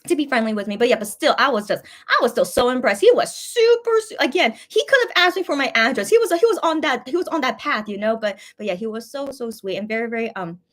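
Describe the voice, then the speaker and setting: A woman's voice: fairly high pitch, big pitch swings, fast talker, few pauses. A woman hosting her own channel, gushing through a casual fan story with lots of fillers and restarts. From USA. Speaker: channel host.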